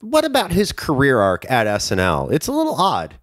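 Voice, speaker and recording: A man co-hosting a podcast, chatting casually about politics and comedy, animated and rambling with lots of restarts. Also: medium pitch, brisk, dry recording, studio quality. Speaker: podcast co-host.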